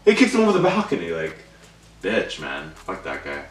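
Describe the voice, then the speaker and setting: A young man co-hosting a trailer reaction, chatting casually, excitable and swearing, his voice jumping up when worked up. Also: low-pitched, moderate pace. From Canada. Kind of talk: casual chat. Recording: echoey room, distant mic, faint music.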